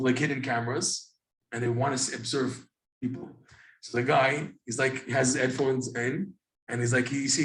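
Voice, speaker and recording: A man teaching a Torah class to a small group, animated and telling stories with acted-out asides. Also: medium pitch, reverberant, rough recording. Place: classroom with a few listeners.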